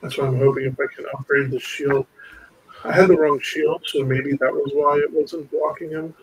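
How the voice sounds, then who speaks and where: A man chatting casually over voice chat while playing a game, easygoing and quick to laugh at himself. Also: on the high side, level tone, rough recording. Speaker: streamer playing a survival game.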